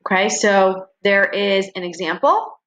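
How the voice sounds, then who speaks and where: A woman's voice: medium pitch, a little slow, a bit bright, dull audio. A woman teacher walking students through their assignments in a recorded online class, explaining step by step and checking in with frequent "okay" and "right.".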